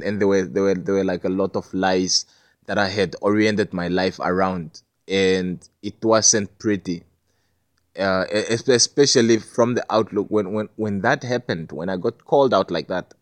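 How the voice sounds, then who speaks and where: A man's voice: low voice, no echo. A man telling a personal story in a loose, rambling way, full of fillers and restarts. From not Jamaica. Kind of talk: casual storytelling.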